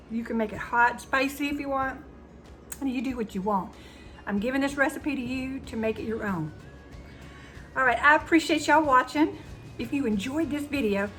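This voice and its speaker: A woman's voice: on the high side, fairly bright tone. A woman with a Southern US accent hosting a cooking channel, talking casually and emotionally to her viewers. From Southern United States. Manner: chatty and emotional, says y'all a lot. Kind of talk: casual chat to camera.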